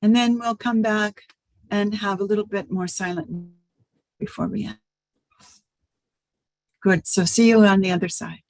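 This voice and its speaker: A woman's voice: mid-range voice, fairly even intonation, measured pace, pauses often, darkish tone, dry recording, low-quality recording. A woman co-hosting a meditation session, talking casually, laughing easily and making friendly asides. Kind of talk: casual chat.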